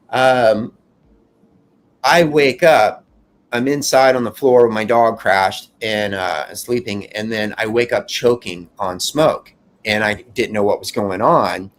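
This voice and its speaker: A man recounting his escape from a fire as an interview guest, in a halting, emphatic way with many fillers and restarts. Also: medium pitch. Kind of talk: emotional first-person account.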